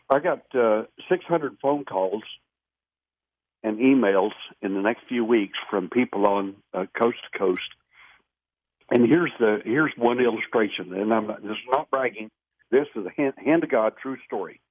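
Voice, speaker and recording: A man's voice: on the low side, no room sound. A man being interviewed, telling his stories in an earnest, emphatic way. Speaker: interview guest. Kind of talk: phone-in interview storytelling. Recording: tinny phone line, dry.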